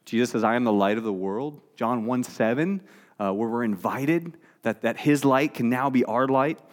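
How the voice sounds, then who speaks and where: A man's voice: mid-range voice, moderate pace. A man preaching a sermon in a conversational way, often restarting his phrases. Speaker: pastor.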